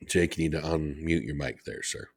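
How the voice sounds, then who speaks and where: Extremely low-pitched, husky and a little mellow, this man speaks at a moderate pace while co-hosting a casual podcast in Southwest Florida. He rambles as he promotes a local business and repeats its phone number.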